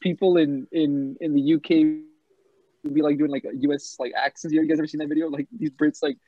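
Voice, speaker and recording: A laid-back young man jokes through a casual chat. His voice is slightly high, on a dry, dull lo-fi recording. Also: level tone, a little fast, mellow, no room sound. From United States.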